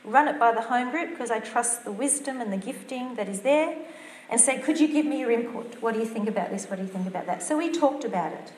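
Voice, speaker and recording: A woman's voice: on the high side, expressive, quick pace, darkish tone, a little hiss or hum. A woman preaching a topical sermon in an earnest, conversational way, reading scripture aloud. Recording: roomy church sound.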